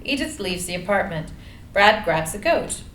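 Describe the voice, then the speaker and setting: A woman's voice: medium pitch, very animated, normal speed, fairly bright tone. Woman reading screenplay directions. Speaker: narrator. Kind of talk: reading screenplay action lines. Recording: echoey room, light noise.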